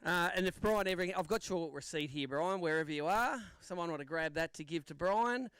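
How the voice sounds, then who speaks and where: Male MC, upbeat banter, high smooth voice. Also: a little fast, a bit bright, dry recording. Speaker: tournament weigh-in MC. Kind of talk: live event emceeing. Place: outdoor lakeside weigh-in stage.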